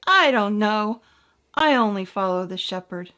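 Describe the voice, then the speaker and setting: A woman's voice: mid-range voice, expressive, unhurried, pushed and bright. A woman voicing a kindly, bleating sheep in a storybook tale. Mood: friendly. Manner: bleating, friendly.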